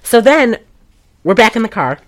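A woman co-hosting a casual comedy recap, animated and sarcastic, swearing freely. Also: on the high side, normal speed. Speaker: podcast co-host recapping a film.

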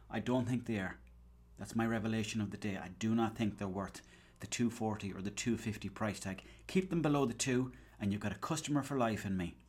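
Irish man, podcast host, lowish pitch, comic rambling monologue, casual swearing. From Ireland. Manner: rambling storyteller, swears, acts out dialogue.

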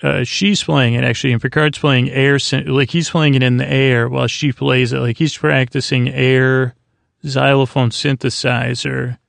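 A man hosts a sleep podcast, rambling through a recap with plenty of fillers and restarts. His voice is heavily gravelly and stays almost completely flat in pitch. The sound is close and dry, with no room around it. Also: normal speed, no echo. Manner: low-key, drowsy delivery. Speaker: podcast host.

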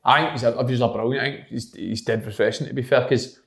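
A man's voice: medium pitch, fairly even intonation, unhurried, creaky, a bit bright, reverberant. A Scottish man co-hosting a football podcast, speaking plainly and directly. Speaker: podcast co-host. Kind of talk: casual podcast chat.

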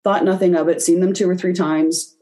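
A woman's voice: lowish voice, fairly even intonation, brisk, dark tone. A woman guest in an interview, telling a personal story and acting out her own reactions as she goes. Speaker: guest, intuitive reader.

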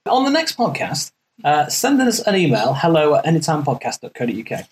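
A woman co-hosting a podcast, jokey and lively, telling stories in casual chat. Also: deep voice, a little fast. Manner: lively, jokey storyteller, playful voices. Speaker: podcast co-host.

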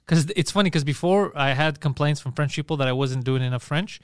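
Man, podcast host, rapid teasing banter, clear smooth voice, dry close sound. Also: on the high side, no echo. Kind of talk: casual chat.

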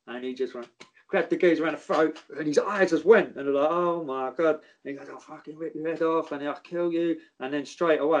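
A man, a former footballer telling stories in casual chat, swearing freely and calling people mate. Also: fairly high pitch. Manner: laddish, swears freely, says mate and geezer.

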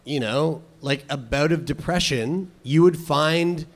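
A man's voice: fairly high pitch, measured pace. Rambling man in casual advice chat. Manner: rambling, many fillers and restarts.

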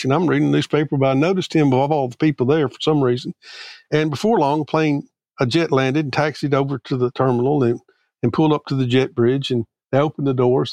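A middle-aged man from Mississippi, a guest theologian telling a personal story in a podcast interview, earnest and halting with frequent restarts. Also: mid-range voice, gravelly, a little mellow, dry recording.

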